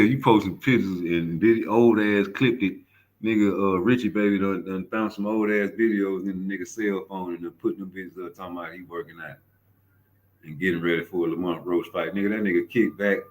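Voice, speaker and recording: A man's voice: low-pitched, poor audio. A man hosting a boxing commentary show, rambling and profane as he tells stories. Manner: profane, rambling, storytelling with repeated fillers. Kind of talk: casual commentary rant.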